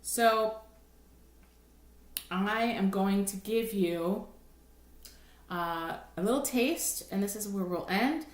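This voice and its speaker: A woman cantor giving a recorded lesson, explaining patiently and thinking aloud, now and then breaking into slow sung examples. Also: medium pitch. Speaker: cantor teaching a class. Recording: roomy, echoey room sound.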